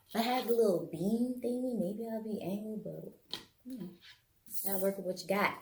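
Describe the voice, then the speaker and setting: A woman giving a casual pick-a-card tarot reading to camera, chatty and animated, laughing often and talking straight to viewers. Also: medium pitch, normal speed, roomy sound. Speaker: tarot and bone-throwing reader.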